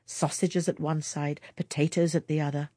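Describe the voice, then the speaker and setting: A woman narrating a story aloud in a lively storytelling manner. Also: low-pitched, normal speed, dry recording, studio quality. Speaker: audiobook reader. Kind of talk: scripted narration.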